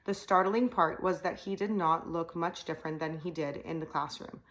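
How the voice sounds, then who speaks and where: A woman reads a novel aloud in a steady, plain way. Her voice sits slightly low, and she now and then trips over a word before going on. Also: normal speed, poor audio. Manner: steady reading with small slips. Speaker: audiobook reader.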